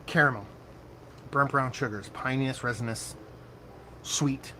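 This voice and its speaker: A man giving a casual, animated beer tasting review, excitable and self-mocking, with loose cursing. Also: medium pitch, measured pace, slight background noise.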